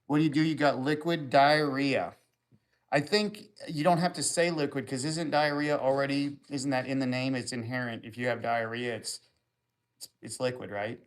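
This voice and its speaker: A man's voice: mid-range voice, steady tone, normal speed. Joking, rambling male livestreamer. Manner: joking, crude, rambling banter with viewers. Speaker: livestream host. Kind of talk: casual livestream chat, reading comments.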